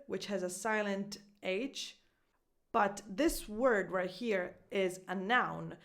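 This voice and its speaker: A woman, an English pronunciation coach, giving an online lesson and clearly, deliberately modeling example words. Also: medium pitch.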